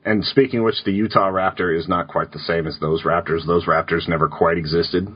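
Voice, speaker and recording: A man's voice: low-pitched, fairly even intonation, brisk, slight background noise. A man co-hosting a podcast in casual chat, laid-back and rambling as he reads listener questions. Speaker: podcast co-host. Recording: dull lo-fi podcast audio.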